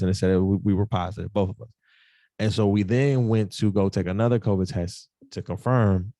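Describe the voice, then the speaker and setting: A man's voice: fairly low pitch, a little mellow, dry recording, clean studio sound. Emotional New man telling a story. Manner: emotional, repeats himself, addresses listeners as y'all and bro. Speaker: podcast host. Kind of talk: casual storytelling monologue.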